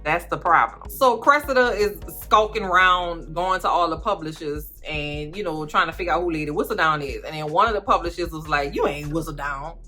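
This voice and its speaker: A woman giving a casual, sassy recap of a TV show, animated and talking straight to her viewers. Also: lowish voice, a little fast, few pauses, soft background music. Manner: animated, sassy, swearing, talks to viewers directly.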